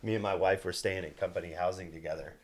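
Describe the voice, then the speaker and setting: A young man with a low, deep voice tells a personal story on a casual podcast. He rambles earnestly, restarting his sentences and filling gaps with "like" and "you know." The delivery is relaxed and conversational. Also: fast talker. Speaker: podcast co-host and solar salesman.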